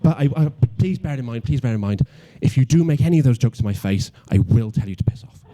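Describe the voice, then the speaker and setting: A man's voice: medium pitch, expressive, quick pace, dark tone. A young man in his twenties with a Welsh accent doing a stand-up routine, self-deprecating and mock-logical, with stammering restarts. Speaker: stand-up comedian.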